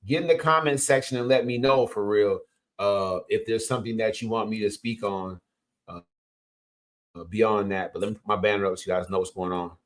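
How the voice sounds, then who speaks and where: This brisk, lowish male voice belongs to a coach and host in his fifties. He delivers a casual but emphatic motivational talk, energetic and studded with punchy interjections.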